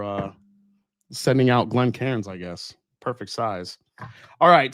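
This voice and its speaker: A man's voice: mid-range voice, no echo, clean studio sound. A man hosting a casual live stream, unboxing bottles and answering chat as he thinks aloud with fillers and restarts.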